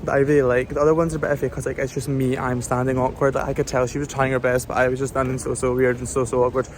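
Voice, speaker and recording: A man's voice: medium pitch, level tone, very fast, a little hiss or hum. A young man, rambling casually with lots of fillers as he vlogs his trip, filming himself on a phone outdoors. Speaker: vlogger. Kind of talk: casual travel vlog talk.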